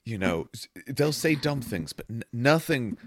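A man's voice: medium pitch, big pitch swings, unhurried, dry recording. A man who co-hosts a podcast and also teaches, chatting casually and making dry, wry remarks.

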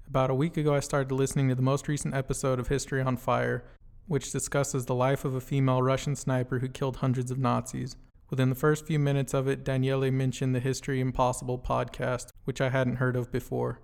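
A man's voice: medium pitch, little pitch movement, quick pace, creaky, darkish tone, clear, resonant tone. A man hosting a podcast, reading an earnest scripted introduction. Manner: earnest, read-from-script delivery. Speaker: podcast host.

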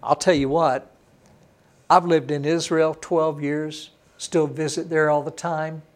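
Animated folksy male pastor preaching. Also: a little high, unhurried. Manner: animated, swings from hushed awe to emphatic; folksy, conversational. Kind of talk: sermon teaching.

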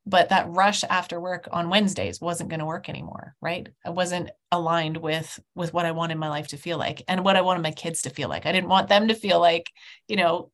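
Middle-aged woman, interview guest: chatty, animated storyteller who laughs between points. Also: fairly low pitch, brisk. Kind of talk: conversational interview.

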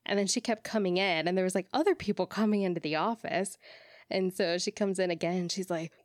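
A woman's voice: lowish voice, fairly quick, no echo, clean studio sound. A woman chatting casually, telling stories animatedly and acting out the people she quotes. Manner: animated, acts out quoted lines. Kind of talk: casual chat.

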